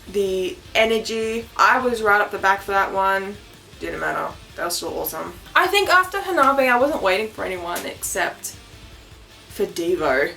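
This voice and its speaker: A young Australian woman vlogging in a casual, excitable way, laughing often and swearing casually. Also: mid-range voice, gravelly. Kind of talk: casual chat.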